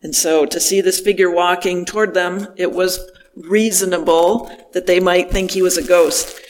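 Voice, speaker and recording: A man preaching a reflective sermon, speaking gently with pauses between phrases. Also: sits high, fairly even intonation, long reverb tail.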